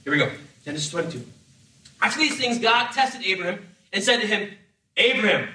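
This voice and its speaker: A man preaching a sermon in an animated, humorous way, acting out voices as he tells the story. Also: high voice, quick pace, roomy sound, distant mic, slight background noise, low-quality recording. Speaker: pastor.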